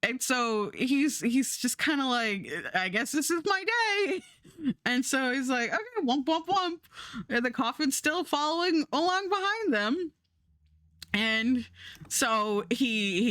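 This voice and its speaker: Animated woman telling a story. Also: sits high, a little slow, no room sound, studio quality. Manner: animated, repeats words, many restarts. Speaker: streamer. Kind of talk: casual storytelling.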